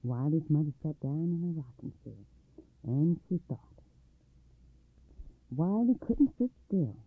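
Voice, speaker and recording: A man's voice: fairly high pitch, big pitch swings, slow, slightly rough, no echo. A man narrating a folk tale for a radio storytelling program, reading expressively and dramatically. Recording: dry, tinny phone-like sound.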